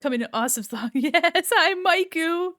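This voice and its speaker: A woman's voice: extremely high pitch, animated, moderate pace, a bit bright, dry recording, clean studio sound. A young woman streaming as a VTuber, chatting casually and giggling with viewers while she draws, with a slight valley-girl lilt. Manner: says she sounds a bit like a valley girl. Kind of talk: casual live-stream chat while drawing.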